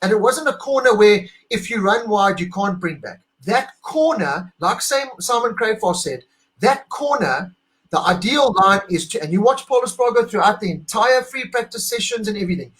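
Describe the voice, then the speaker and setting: A man's voice: sits high, lively intonation, normal speed, a bit bright, low-quality recording. A man co-hosting a casual motorsport debrief over a video call, emphatic and argumentative, repeating his points. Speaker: co-host.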